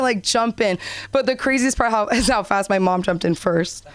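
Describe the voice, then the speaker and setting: A young woman doing a stand-up comedy set and hosting an open mic, animated and acting out characters in high voices. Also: normal speed. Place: comedy club stage.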